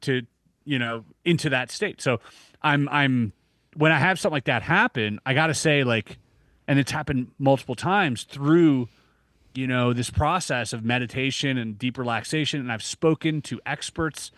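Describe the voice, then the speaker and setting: A man in his thirties talks as a podcast guest, keeping his voice at a middling pitch. He tells a story in a casual, animated way, stumbling over restarts and acting out his own reactions. The sound is dry and close to the mic. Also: normal speed, no room sound.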